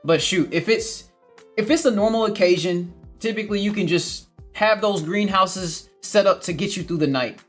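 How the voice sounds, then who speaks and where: A man with a high-pitched voice hosts a gardening livestream at normal speed, with faint music behind him. He reads viewer comments in casual chat, laughs often and repeats his phrases.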